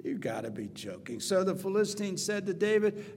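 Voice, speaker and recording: A man preaching a sermon, retelling scripture with dramatic storytelling, swinging from loud emphasis to quiet asides. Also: sits high, big pitch swings, normal speed, husky. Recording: reverberant hall, faint hum.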